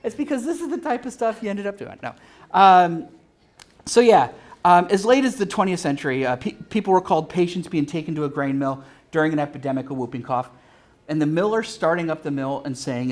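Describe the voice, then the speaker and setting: A man giving a live lecture at a convention, halting often with filler sounds and restarts, and dropping dry, joking asides. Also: on the high side. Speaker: convention speaker.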